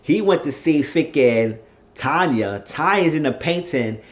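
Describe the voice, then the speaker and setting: Profane, excitable man recapping a show. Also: a little high, unhurried. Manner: retells scenes in quotes, profane asides, excitable. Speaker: TV episode recapper. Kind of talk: casual TV episode recap. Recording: dull lo-fi recording.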